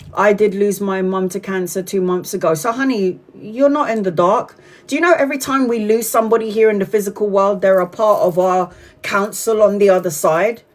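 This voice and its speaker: A woman in her forties giving a casual live-streamed tarot reading, talking bluntly and emphatically and swearing freely. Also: mid-range voice. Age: 40s. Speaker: tarot reader.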